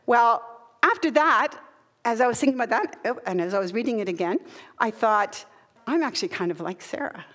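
A woman's voice: fairly high pitch, sing-song, fairly quick, a bit bright. A middle-aged woman giving a personal devotional talk, earnest and conversational, at times moved close to tears. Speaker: speaker sharing a Bible devotional practice.

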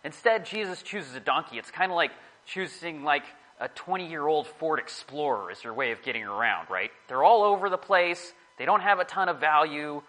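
A man's voice: a little high, moderate pace, few pauses, bright, forceful tone, poor audio. A man giving a casual, rambling sermon to a small group, often correcting himself as he talks. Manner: rambling, self-correcting, chatty.

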